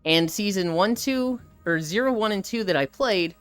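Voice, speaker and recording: A woman's voice: mid-range voice, expressive, moderate pace, fairly bright tone, clear, resonant tone, faint music behind. A woman streamer chatting casually and emphatically while she walks, piling up points in long lists. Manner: opinionated, emphatic, builds up lists. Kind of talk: casual live-stream chat.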